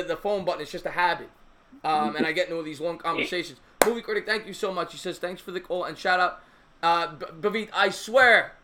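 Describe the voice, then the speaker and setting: Bright-voiced chatty sports show host. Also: male voice, high voice, a little hiss or hum. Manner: chatty, apologetic, teasing callers. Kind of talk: live call-in sports talk.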